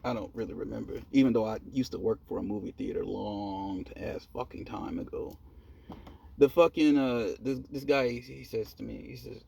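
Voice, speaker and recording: A man telling a personal story in a casual monologue, profane and animated, laughing at himself. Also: lowish voice, normal speed, gravelly, breathy edge. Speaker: storyteller vlogger.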